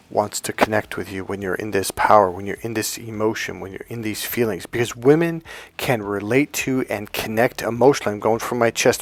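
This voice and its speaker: A man's voice: lowish voice, no echo. A middle-aged man coaching in a blunt, emphatic way. He swears freely and repeats phrases for stress. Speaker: dating coach. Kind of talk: coaching talk to camera.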